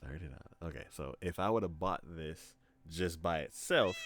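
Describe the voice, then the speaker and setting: Lively low-voiced male streamer. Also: normal speed. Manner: animated storytelling, acting out both sides of conversations; frequent laughs and filler words. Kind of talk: casual chat while live-streaming a game.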